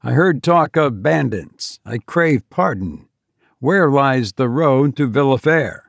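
Man doing a jumpy young sword guy, polite old-timey talk, slow and a bit gravelly. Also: medium pitch, animated, no echo, heavily acted. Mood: uneasy. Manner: polite archaic phrasing, a little raised. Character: young male traveller with a sword, nervous and polite.

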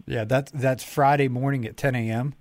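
A man hosts a podcast, chatting casually with a guest in a rambling style with many restarts. His medium-pitched voice is darkish and steady, at a normal speed, captured in a dry, studio-quality recording.

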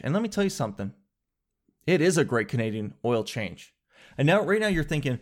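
A man telling a comic story in a casual vlog. He talks in an animated, slangy way, says "dude" a lot, and jumps up in pitch for emphasis. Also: normal speed. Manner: animated, exaggerated, swings to high emphasis.

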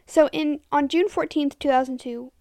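A young woman hosting a podcast, telling a true crime story casually, full of "like" fillers and often falling to a soft half-whisper. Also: high voice, fairly even intonation, moderate pace, no room sound. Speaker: podcast host.

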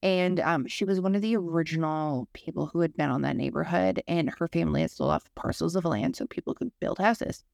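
Low, gravelly woman telling rambling stories. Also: fairly quick, few pauses, a little mellow, dry recording, studio quality. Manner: rambling, digressive storyteller with lots of fillers. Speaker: podcast co-host. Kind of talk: casual storytelling chat.

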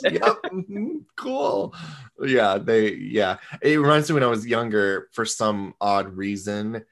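A young American man hosting a podcast, chatting playfully and laughing a lot. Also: fairly low pitch. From United States. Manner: giggly, playful, animated storytelling. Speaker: podcast host. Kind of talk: casual chat.

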